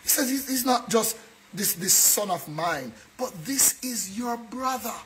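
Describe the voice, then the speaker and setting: A man preaches a sermon in church. His voice sits high, and he talks earnestly, often checking in with the congregation to make sure they follow. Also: animated, unhurried, a bit bright, slight background noise, rough recording. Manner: earnest preaching, keeps checking in with a tag question. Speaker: pastor.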